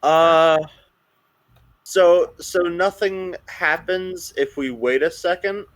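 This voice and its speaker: A man's voice: fairly high pitch, slow, low-quality recording. A man playing in a tabletop game, talking casually and hesitantly. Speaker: player.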